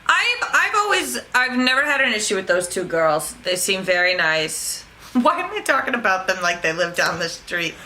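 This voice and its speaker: A woman's voice: medium pitch, big pitch swings, normal speed, a crowd in the background, poor audio. A woman co-hosting a comedy news show, chatting casually in a playful, giggly, self-mocking way.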